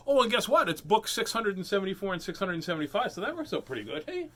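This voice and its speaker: A man's voice: sits high, big pitch swings, fast, hardly any pauses, a bit bright, faint music behind. A man hosting a children's reading stream, chatting in a goofy, sing-song way and laughing often. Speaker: host reading children's books. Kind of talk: playful live-stream chat.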